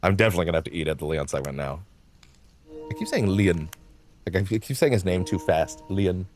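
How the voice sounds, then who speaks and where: A man's voice: sits low, lively intonation, moderate pace, a little mellow, soft background music. A man streaming a game live, rambling in casual commentary, full of fillers, swearing and frequent laughter.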